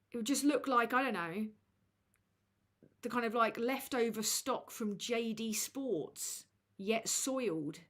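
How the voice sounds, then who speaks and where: Slow-talking crude woman streamer. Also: fairly high pitch, a bit bright. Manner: crude, sardonic, roasting. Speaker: livestream host. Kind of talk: casual livestream chat reading super chats.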